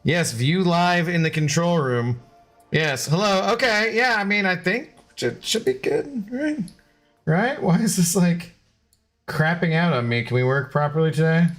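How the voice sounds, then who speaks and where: Male game streamer, chatty and scattered, slightly higher voice. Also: expressive, a little slow, fairly bright tone, faint music behind. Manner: chatty and scattered, baby-talking to his dog. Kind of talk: casual live stream chat.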